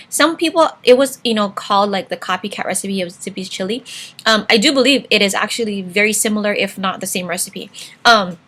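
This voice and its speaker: A woman's voice: medium pitch, pushed and bright. A woman from Hawaii hosting a cooking vlog, chatting with viewers in a digressive, friendly way. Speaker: cooking channel host. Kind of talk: casual cooking vlog chat.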